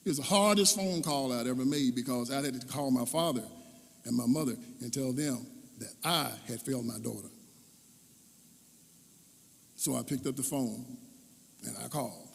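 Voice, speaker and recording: A man in his fifties, a guest speaker telling a personal story in an animated, dramatic way. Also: mid-range voice, moderate pace, vocal fry, pauses often, husky. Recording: echoey hall.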